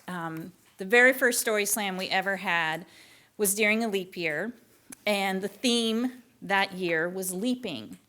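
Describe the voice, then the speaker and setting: A woman's voice: medium pitch, a bit bright. A woman from Florida, a school librarian hosting a story slam, telling a casual story in a chatty, rambling way full of fillers. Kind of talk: casual storytelling between acts.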